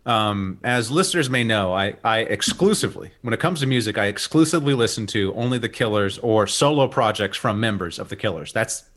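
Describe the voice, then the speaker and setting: A man's voice: on the low side, expressive, fairly quick, few pauses, fairly bright tone. A man co-hosting a casual podcast chat, enthusiastically recommending music and shows. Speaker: podcast co-host.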